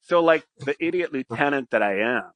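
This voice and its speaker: A former fighter pilot appears as a podcast guest, telling a long, casual anecdote with animated energy and plenty of profanity, often ending lines with "right?" His medium-pitched voice moves a little fast, and there's no echo.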